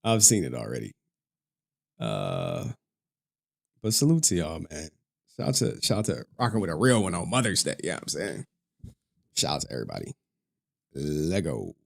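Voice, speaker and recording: A man's voice: rumbling low, huge pitch swings, moderate pace, vocal fry, pauses often. A man chatting casually as a streamer, laid-back and talkative while reacting to a video.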